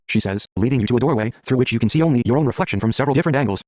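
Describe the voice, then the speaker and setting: A man's voice: medium pitch, rapid-fire, hardly any pauses, a little mellow, dry recording. A man reading the narration of a text adventure game aloud in a plain manner.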